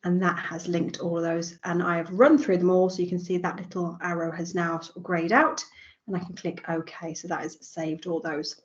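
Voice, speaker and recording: A woman with an English accent walking teachers through educational software, chatty and relaxed, with frequent ums. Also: lowish voice, moderate pace, lo-fi sound. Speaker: teacher trainer. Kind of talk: software tutorial walkthrough.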